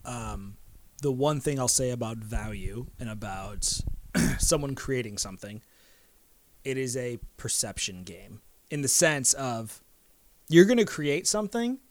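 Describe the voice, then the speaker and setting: A man's voice: mid-range voice, unhurried. A man talking animatedly as a guest in a casual chat, full of likes and restarts. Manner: animated, filler-heavy, lots of likes and restarts. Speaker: podcast guest. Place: Nashville.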